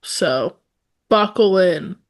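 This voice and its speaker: A woman's voice: fairly low pitch, expressive, extremely slow. A young woman co-hosting a podcast, chatting casually about a book with lots of laughs and fillers. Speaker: podcast co-host.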